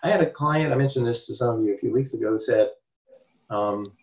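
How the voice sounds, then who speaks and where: A man's voice: mid-range voice, brisk, darkish tone. Man, therapy teacher, conversational, plays out client dialogue, dull lo-fi recording, echoey room. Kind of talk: teaching a class. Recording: roomy, dull lo-fi sound.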